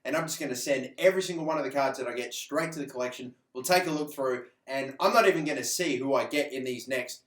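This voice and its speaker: A man's voice: mid-range voice, fast talker, hardly any pauses, reverberant. A man with an Australian accent, a YouTuber giving chatty, teasing, slang-heavy casual commentary.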